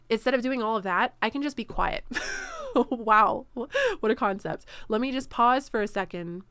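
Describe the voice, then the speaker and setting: A woman's voice: on the high side, expressive, moderate pace, fairly bright tone, smooth, no room sound. A woman streamer answering viewer questions in a casual live Q&A, full of ums and self-corrections. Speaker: streamer hosting a Q&A.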